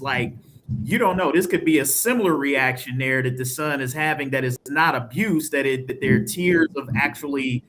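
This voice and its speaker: A man's voice: medium pitch, a bit bright, a little hiss or hum. A man co-hosting a casual panel debate, building his argument step by step. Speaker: co-host.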